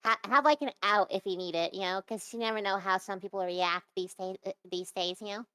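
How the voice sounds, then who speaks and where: Young woman vtuber rambling on a stream interview, smooth clean voice, dry close sound, lots of likes and restarts. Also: medium pitch, fairly quick, bright, forceful tone, dry recording. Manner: rambling, many fillers and restarts. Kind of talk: casual interview chat.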